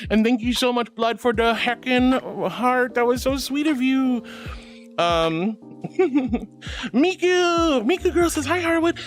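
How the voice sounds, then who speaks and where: A woman streaming live, chatting with her viewers in a bubbly, affectionate way. She calls them sweetie and honey, giggles often, and has a voice that is a bit deep for a woman. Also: normal speed, soft background music. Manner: giggly, playful asides. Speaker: VTuber streamer. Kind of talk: livestream chat with viewers.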